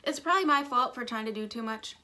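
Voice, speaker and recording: A beauty vlogger in her thirties chats casually through a get-ready-with-me video at home, rambling and sometimes dropping to a whisper. Her fairly high voice is quick, pushed, and bright, picked up close on a phone camera with slight background noise.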